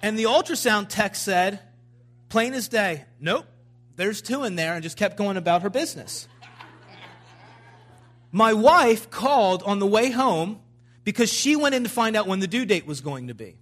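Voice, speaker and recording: Man, preacher, sermon story, high-pitched, sharp bright tone, restarts, gets loud. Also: moderate pace. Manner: animated, rambling with restarts, rising to loud emphasis.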